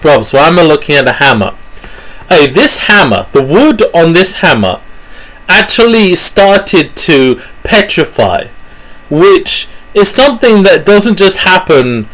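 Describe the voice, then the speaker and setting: A British man riffs through a comic monologue, his voice sitting a little high. He rambles loosely and corrects himself as he goes, with lots of filler words. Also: sing-song, a little slow, a bit bright, low-quality recording. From Britain. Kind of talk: comic rambling monologue about pictures on screen.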